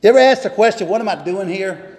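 Pastor with ringing hall reverb. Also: male voice, high-pitched, animated, quick pace, darkish tone. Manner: storytelling, acts out dialogue in raised voices. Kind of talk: sermon with a folksy joke story. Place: church sanctuary.

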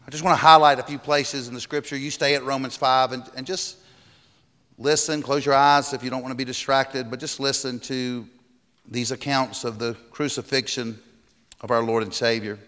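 A man preaching a sermon from the pulpit at a middling pitch, reading scripture aloud with dramatic emphasis. His voice swells on the quoted cries and drops low on the solemn lines. A long reverb from the church room trails every phrase. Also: fairly even intonation, normal speed, a bit bright. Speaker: pastor.

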